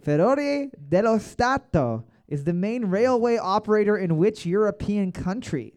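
A man's voice: sits high, animated, unhurried, darkish tone. A man hosting a bar trivia night, reading each question twice and joking between rounds. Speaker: trivia host.

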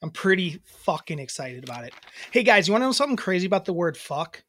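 A woman in her thirties co-hosts a podcast, chatting bluntly and casually with lots of swearing and filler words. Her voice sits on the low side and has a fairly bright tone, and she talks very animatedly at a quick pace.

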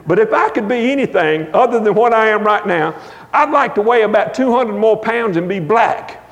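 High-voiced preacher in a reverberant hall. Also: male voice, animated. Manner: folksy, emphatic, drawn-out preaching cadence. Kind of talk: revival sermon with storytelling. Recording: long reverb of a church hall.

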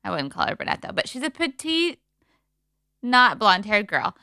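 A young woman co-hosts a casual podcast in a chatty, teasing way. Her pitch swoops widely and her voice is bright and smooth. The sound is dry and close. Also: big pitch swings, normal speed, no echo. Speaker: podcast co-host. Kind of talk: casual chat.

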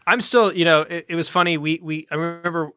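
A man co-hosting a podcast in casual chat, relaxed and rambling with plenty of fillers. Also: fairly high pitch, fast, smooth, no room sound, clean studio sound. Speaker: podcast co-host.

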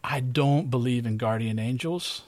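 A man's voice: mid-range voice, measured pace, a little mellow. A middle-aged man hosting a podcast, telling a long personal story in casual, rambling talk and often repeating himself. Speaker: podcast host.

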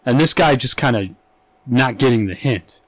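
Animated man telling crude stories. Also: medium pitch, normal speed, no echo, rough recording. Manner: crude, animated, acts out voices in anecdotes. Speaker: podcast co-host. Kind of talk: casual comedic storytelling.

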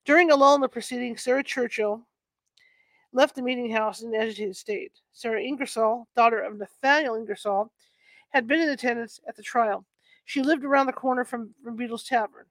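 A woman reads a nonfiction history book aloud in a somewhat high voice, pausing to fix her stumbles and toss in casual remarks. Her allergies are bothering her. The sound is close and dry, with no room echo. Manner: stumbles and corrects herself with chatty asides.

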